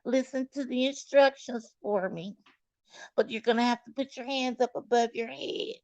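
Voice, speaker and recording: A woman's voice: on the high side, normal speed, a little mellow, dry recording, lo-fi sound, pitched above the performer's own voice, close to an everyday voice. Woman putting on a sugary older country nurse. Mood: sweet coaxing. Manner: sugary, coaxing.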